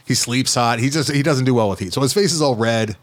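Laughing storyteller dad on a podcast. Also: male voice, medium pitch, fast talker. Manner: storytelling, acts out his son's lines, laughs often. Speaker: podcast co-host. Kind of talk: casual chat.

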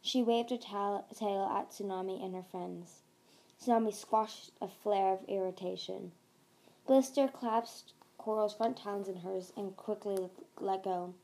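A woman's voice: mid-range voice, steady tone, a little slow, mellow, rough recording. A woman hosting a podcast, reading a fantasy novel aloud steadily with small slips and restarts. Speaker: podcast reader.

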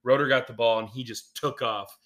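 A man co-hosting a casual podcast chat, telling animated stories and acting out what people said. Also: medium pitch, fairly quick. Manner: animated storyteller who acts out quotes. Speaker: podcast co-host.

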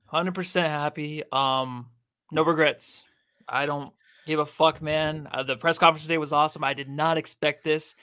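A young man co-hosting a sports podcast, giddy and jittery, his voice shaky with excitement, saying "like" and "dude" a lot. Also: on the high side, moderate pace, clear, resonant tone, no room sound, studio quality. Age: young adult. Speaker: podcast co-host. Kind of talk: casual sports podcast chat.

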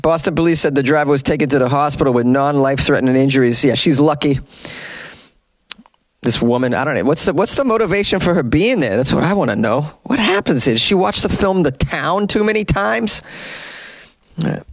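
A man's voice: a little high, brisk, dry recording. A man hosting a casual comedic news commentary, reading headlines and riffing with joking asides.

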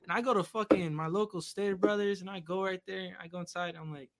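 A man's voice: high voice, steady tone, quick pace, fairly bright tone. A man telling a story in casual, slangy chat as a podcast guest. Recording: noisy background.

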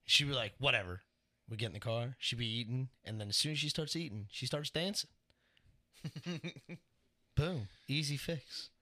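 A man co-hosting a podcast, joking and cutting in with quick remarks in casual chat. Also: medium pitch, bright, forceful tone. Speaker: podcast co-host.

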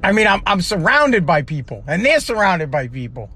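A man rants in an aggravated, profane way on a solo podcast, stumbling over restarts as his words pile up. His voice sits high and swings widely in pitch. Faint car ambience sits behind him. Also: big pitch swings, normal speed, bright, forceful tone, slight background noise. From United States. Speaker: podcast host. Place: in a parked car.

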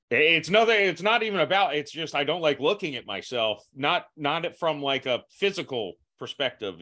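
A man's voice: a little high, bright, forceful tone. A young man hosting a podcast in casual chat, stopping and restarting his thoughts with self-mocking asides. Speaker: podcast host.

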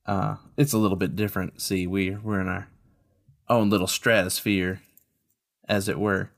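A man's voice: low-pitched, flat delivery, moderate pace, creaky. A man voicing a stern small-town female police officer in a tabletop role-play, drawling and menacingly polite.

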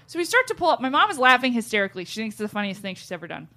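Giggly bright-voiced woman podcast host. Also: a little high, very fast, hardly any pauses. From Southern California. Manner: giggly, animated storyteller. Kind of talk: casual chat and storytelling.

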